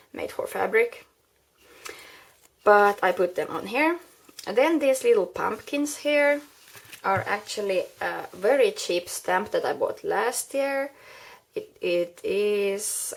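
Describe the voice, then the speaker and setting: A woman's voice: mid-range voice, vocal fry. A woman casually demonstrating how she made a handmade card, often restarting sentences and searching for words. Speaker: craft tutorial host.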